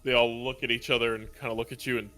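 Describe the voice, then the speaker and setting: A man narrating a tabletop role-playing game as game master, chatty and quick to laugh. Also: mid-range voice, flat delivery, bright, forceful tone, faint music behind. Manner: laughs often, loose and chatty.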